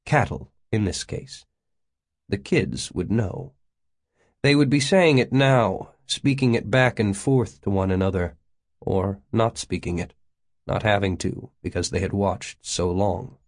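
A man narrating an audiobook in a measured, expressive reading style. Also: fairly low pitch.

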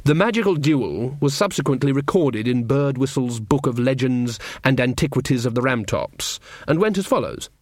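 A man narrating a story with wry, expressive storytelling. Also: medium pitch, normal speed, hardly any pauses, no echo, clean studio sound. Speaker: audiobook narrator. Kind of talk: scripted narration.

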